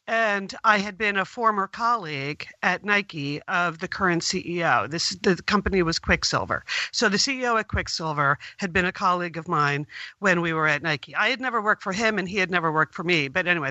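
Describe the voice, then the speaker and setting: Bright-voiced middle-aged woman guest. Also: fairly low pitch, a little fast, no echo, dull audio. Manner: animated, recounts events at length. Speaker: podcast guest. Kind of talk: casual interview storytelling.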